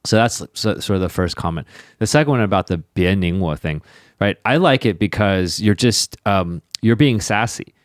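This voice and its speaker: A man hosting a casual podcast conversation in a fairly low voice, teasing his guest and restarting his sentences often. The sound is dry and close-miked. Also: expressive, normal speed, dry recording. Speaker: podcast host.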